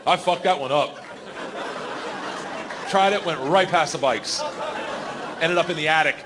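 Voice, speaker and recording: A middle-aged man works a stand-up stage, and his slightly high, animated voice jumps between stories and crowd banter. A live audience laughs and rumbles around him, and steady background noise sits under the mic. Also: normal speed, pauses often. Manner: animated storytelling, acting out voices, crowd work. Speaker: stand-up comedian. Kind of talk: stand-up comedy set.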